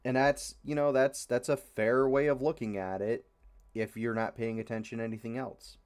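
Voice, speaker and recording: A man's voice: mid-range voice, flat delivery, moderate pace, darkish tone. A young man hosting a casual podcast, rambling and frustrated, with many fillers and free swearing. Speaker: podcast host. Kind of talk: casual opinionated chat.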